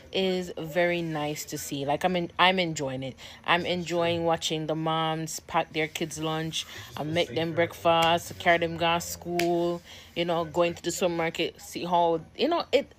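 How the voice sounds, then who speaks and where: A woman's voice: low voice, a little hiss or hum. A woman from Jamaica, chatting casually and enthusiastically about videos she enjoys watching. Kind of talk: casual commentary.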